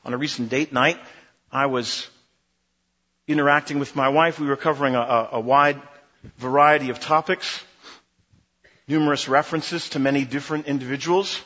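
Emphatic preacher in a big echoing hall. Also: male voice, mid-range voice, steady tone, moderate pace, long pauses, pushed and bright. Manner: emphatic, repeats key phrases in rhythmic lists. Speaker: pastor. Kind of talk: sermon. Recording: dull lo-fi recording in a reverberant hall.

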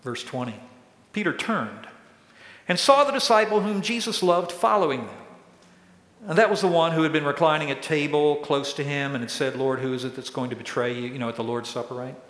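A pastor preaching a sermon, who acts out quoted questions in a raised voice. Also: male voice, a little high, a little fast, fairly bright tone. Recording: echoey hall with long reverb.

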